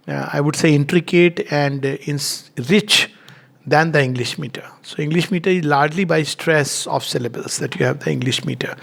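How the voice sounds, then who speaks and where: Male lecturer, fairly high voice with gravelly fry, thoughtful, pauses mid-sentence. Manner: measured, reflective, pauses with frequent "uh". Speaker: lecturer on spiritual texts. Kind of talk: explanatory spiritual lecture.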